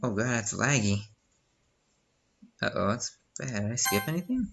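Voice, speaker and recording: A man's voice: mid-range voice, lively intonation, moderate pace, vocal fry, fairly bright tone, slightly rough. A young man casually reading a visual novel aloud, breaking off with joking asides. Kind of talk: casual live game reading.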